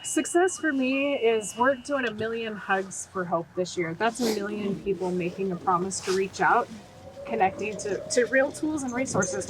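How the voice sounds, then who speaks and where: Earnest woman telling stories, noisy background. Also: mid-range voice. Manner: earnest, animated storytelling. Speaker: guest, nonprofit founder. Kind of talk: podcast interview.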